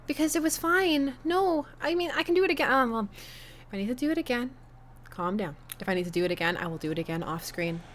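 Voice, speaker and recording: A woman playing through a video game on stream, reacting in a chatty, excitable way and poking fun at herself. Her voice sits fairly high. It swings widely in pitch as she reacts. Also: quick pace, slight background noise. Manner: chatty, self-mocking, excitable. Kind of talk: let's-play commentary.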